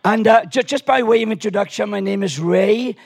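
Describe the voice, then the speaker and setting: A man's voice: high-pitched, brisk, gravelly. A man in his sixties preaching to a congregation, chatty and joking as he tells a story, with frequent restarts. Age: 60s. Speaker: guest preacher. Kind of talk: sermon with storytelling. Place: church service in a tent.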